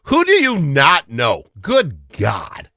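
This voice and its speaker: A man's voice: a little high, huge pitch swings, slow pace, pushed and bright, dry recording, clean studio sound. A man hosting a radio talk show in a teasing, opinionated, casual way.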